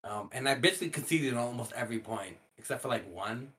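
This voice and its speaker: A man's voice: mid-range voice, lively intonation, fast, fairly bright tone. A man hosting a casual podcast chat, laughing often and swearing as he steers the talk. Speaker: podcast host.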